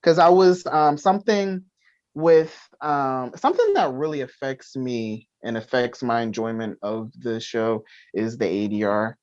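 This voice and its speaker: A podcast co-host in a casual review chat, speaking thoughtfully and haltingly with frequent ums. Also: medium pitch, expressive, a little mellow, no echo, highs cut off.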